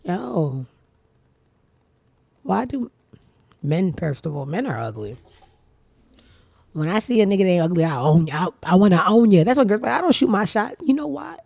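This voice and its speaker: A young woman hosting a casual commentary show, talking in an animated, profane, sarcastic way with big swings in pitch and loudness. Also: a little fast, gravelly, husky, no echo. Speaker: show host. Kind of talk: casual commentary reacting to social media.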